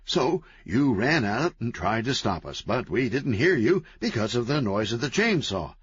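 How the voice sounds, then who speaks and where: A man's voice: medium pitch, very animated, breathy edge, no room sound, voice pushed up. A man voicing a manic, chatty, cheerful antihero man who talks gleefully and wheedles. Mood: persuasive. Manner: gleeful, fast-talking, wheedling. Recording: dull, lo-fi, dry.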